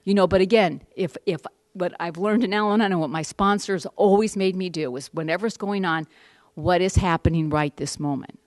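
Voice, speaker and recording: Middle-aged woman sharing her story at a group meeting, rambly and blunt, kinda low voice, no room echo. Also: a little fast. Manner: candid, rambling, wry, many fillers and restarts. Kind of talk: personal testimony.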